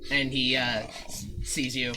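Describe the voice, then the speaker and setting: A man's voice: mid-range voice, flat delivery, measured pace, over music. A man acting as dungeon master, narrating a tabletop game in a casual, rambling way with fillers.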